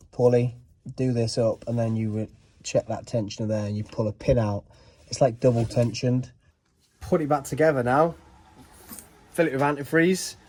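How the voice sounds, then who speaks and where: A man's voice: mid-range voice, warm tone. A man vlogging a car repair outdoors, chatting and explaining each step as he works. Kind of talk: casual hands-on vlog narration.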